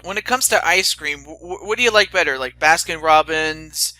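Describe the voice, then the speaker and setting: Bright-voiced young man rambling casually. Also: fairly high pitch, normal speed. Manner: rambling, stammering restarts. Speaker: host. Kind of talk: casual chat.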